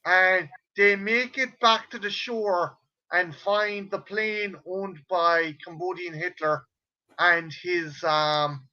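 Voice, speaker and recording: High, bright-voiced man ranting on a podcast. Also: slow pace, lo-fi sound. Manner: profane, rambling, animated retelling. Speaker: podcast co-host reviewing a film. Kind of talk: casual chat.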